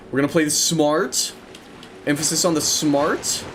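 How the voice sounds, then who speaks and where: A young man commentating his own video game run, excitable and prone to repeating words in rapid bursts. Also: on the high side, background noise. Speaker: gaming streamer. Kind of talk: let's play commentary.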